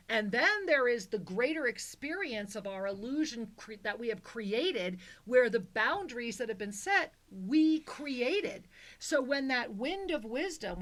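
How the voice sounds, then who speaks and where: A woman co-hosting a call-in spiritual talk show, speaking in a soothing, affectionate way as she gives a caller a soul reading. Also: fairly high pitch. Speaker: co-host and spiritual teacher.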